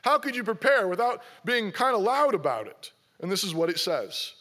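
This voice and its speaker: A man's voice: sits high, very animated, moderate pace, few pauses, sharp tone. A man preaching a sermon, exhorting his listeners with strings of repeated rhetorical questions. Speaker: pastor.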